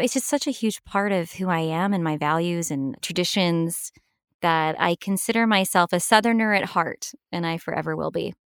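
Upbeat middle-aged woman, low voice. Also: clean tone, dry recording, clean studio sound. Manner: enthusiastic, laughs often. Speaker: actress guest. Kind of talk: casual interview chat.

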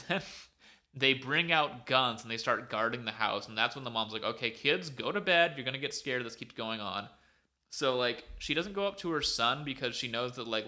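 His medium-pitched voice comes across bright and forceful. As a podcast co-host on a video call, he retells a story offhandedly, rambling and scattering "like" and "um" throughout.

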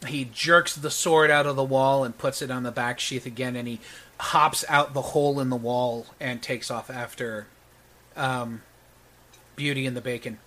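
A man narrating a tabletop game as game master. He describes the action in a bright, ringing voice and often pauses on an um. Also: medium pitch, fairly even intonation. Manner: descriptive, with frequent ums.

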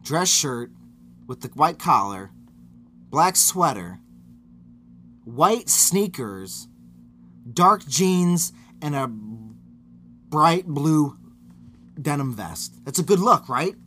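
A man co-hosting a podcast, his voice rising and falling in animated swings. He riffs and jokes in relaxed, casual chat, building absurd bits as he goes. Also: a little high, very slow, long pauses, faint music behind. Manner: riffing and jokey, spinning out bits. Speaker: podcast co-host.

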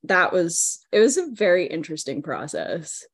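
Young woman speaking softly and hesitantly. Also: lowish voice, sing-song, moderate pace. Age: 20s. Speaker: singer-songwriter guest. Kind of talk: casual interview chat.

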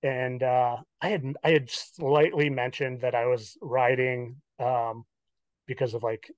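This young man spins a rambling story in casual chat, slipping into the voices of the people he quotes. His voice sits at an ordinary middle pitch. It is recorded dry, with no room sound around it. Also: measured pace, dry recording. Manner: animated, acts out quoted dialogue, many "like" fillers. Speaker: podcast guest.

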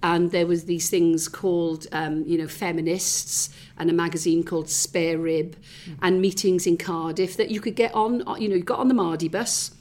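A woman's voice: fairly low pitch, fairly even intonation, moderate pace, a little mellow. Middle-aged welsh woman chatting away in an interview, lots of you-knows and restarts. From South Wales valleys. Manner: chatty, many fillers and restarts. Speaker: interview guest. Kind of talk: reflective conversational interview.

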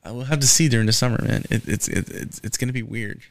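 A young man hosts a laid-back solo podcast out of Houston, full of cursing, ranting, and fillers like "um" and "man." He talks quickly in a mid-range voice, recorded without echo.

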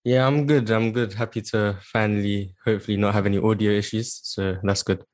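A man's voice: lowish voice, fairly even intonation, a little fast, darkish tone, dry recording. A young man from the UK with a British accent, chatting casually as a guest on a podcast stream, easygoing with frequent fillers. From United Kingdom. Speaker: guest, show fan.

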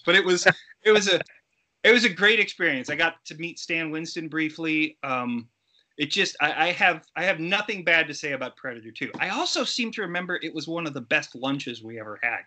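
A middle-aged man telling stories as an interview guest, animated and acting out quoted voices. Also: on the high side, a little fast. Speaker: interview guest, creature suit performer. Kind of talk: casual storytelling interview.

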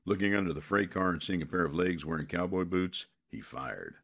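A man narrating a western novel in a steady, measured way. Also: deep voice, husky.

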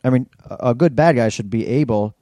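A blunt, opinionated man co-hosting a podcast, swearing casually as he chats. His voice is dark and relaxed, at an average pitch. It is recorded dry and close. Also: brisk, no room sound. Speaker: podcast co-host. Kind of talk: casual chat.

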